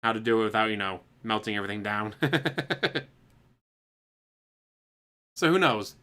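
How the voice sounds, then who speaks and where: A man chatting casually on a stream in a played clip, musing and speculating out loud with chuckling asides. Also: fairly low pitch, lively intonation, a little slow. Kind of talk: casual rambling chat.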